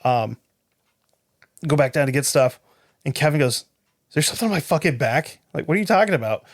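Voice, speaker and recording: A man's voice: on the high side, animated, fairly quick. A man in casual podcast chat, telling a story bluntly and swearing freely. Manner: blunt and profane.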